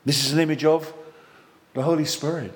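A man preaching a sermon in an excitable, animated way, with self-deprecating humour. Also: on the high side, fairly quick.

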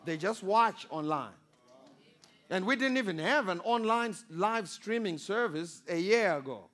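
A man preaching a sermon as pastor, calling for amens and swinging between loud exhortation and quiet storytelling. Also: sits high, expressive, measured pace. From Zimbabwe. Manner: preaching with rising calls for amen and audience response.

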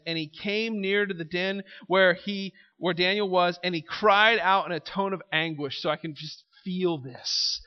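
Pastor, male, high voice, expository sermon with quiet asides and forceful peaks; dull lo-fi recording. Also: big-room sound. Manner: reads scripture then comments, swings from soft asides to loud emphatic calls.

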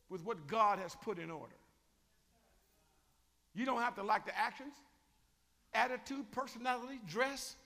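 A man preaching a sermon as bishop, swinging from shouting to chatty asides. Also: very high-pitched, normal speed, pauses often, long reverb tail. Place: church sanctuary.

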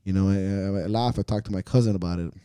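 Guy on a podcast, low dark voice, swears a lot, sighs and trails off, sounds really dry and close. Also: steady tone, clear, resonant tone, no room sound. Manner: earnest, profane, self-questioning; frequent sighs and trailing pauses. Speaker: podcast host and coach. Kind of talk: candid podcast talk.

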